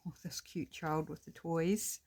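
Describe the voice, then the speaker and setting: A middle-aged woman with a New Zealand accent speaks in a deep, darkish, slightly rough voice with fairly even intonation and no hurry. She is a crafting vlogger, chatting casually and thinking aloud while working on a craft project at home.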